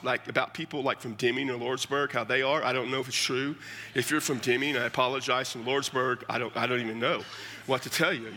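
Man, pastor, Texan twang, fairly high voice, bright and forceful tone, folksy sermon. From South Texas. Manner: conversational, folksy preaching with asides.

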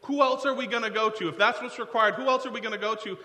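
A man's voice: sits high, fast, pushed and bright, echoey room, in a large hall, pitched above the performer's own voice. A man acting out an eager, devoted male disciple who declares his loyalty in bursts of fervent promises.

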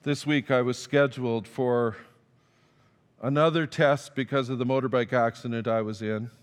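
A man's voice: medium pitch, steady tone, moderate pace. A man preaching a sermon, telling a personal story in a conversational, self-deprecating way and acting out the dialogue. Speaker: pastor. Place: church sanctuary. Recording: long reverb of a large hall.

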